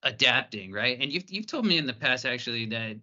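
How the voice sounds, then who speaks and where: A man's voice: mid-range voice, expressive, a little fast, pushed and bright. A man hosting a podcast, asking conversational questions and stammering a little as he frames them. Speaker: podcast host. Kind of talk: casual podcast interviewing. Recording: slightly muffled audio.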